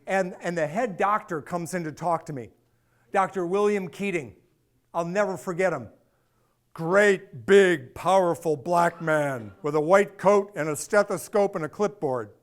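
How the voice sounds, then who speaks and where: A middle-aged man giving a personal storytelling talk, animated and acting out the dialogue. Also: sits high, unhurried. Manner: animated, acts out dialogue, repeats phrases for effect. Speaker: speaker and author.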